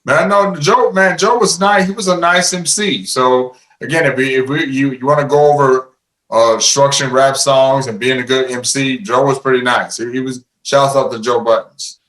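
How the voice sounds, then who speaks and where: A man's voice: mid-range voice, steady tone, normal speed, fairly bright tone, echoey room, poor audio. A man being interviewed in a casual chat, talking animatedly and often repeating words as he starts a thought. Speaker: interview guest.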